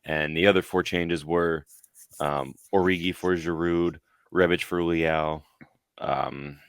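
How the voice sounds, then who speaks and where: Man, low voice, tired, frustrated rant, dry close sound, podcast co-host. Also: steady tone, slow pace, clean tone, no echo. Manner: frustrated ranting, repeats words. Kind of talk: casual football podcast rant.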